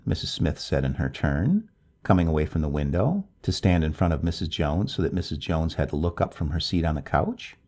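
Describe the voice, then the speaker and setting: A low man's voice, gravelly and husky, reads a story aloud in a measured, expressive way. His tone is dark and mellow, and his pitch moves over a very wide range. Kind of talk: scripted narration.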